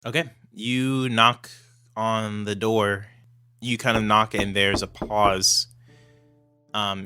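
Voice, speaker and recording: A man's voice: fairly low pitch, pushed and bright. A man narrating a tabletop game as game master in a hesitant style with many fillers.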